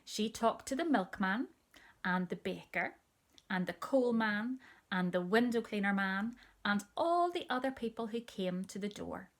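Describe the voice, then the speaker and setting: A woman reading a children's story aloud in a gentle, intimate way with soft asides. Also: mid-range voice, animated, a little slow.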